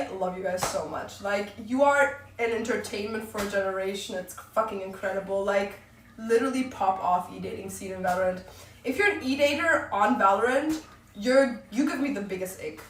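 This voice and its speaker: A woman's voice: mid-range voice, fairly quick. A young woman streamer ranting casually, crude, profane and mocking. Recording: roomy distant mic, faint noise.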